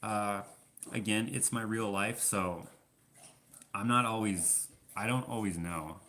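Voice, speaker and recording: A man's voice: fairly low pitch, slow pace, pushed and bright, slight background noise. A man from Canada chatting casually in a question-and-answer vlog, telling rambling stories full of fillers. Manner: rambling storyteller, many fillers. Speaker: vlogger.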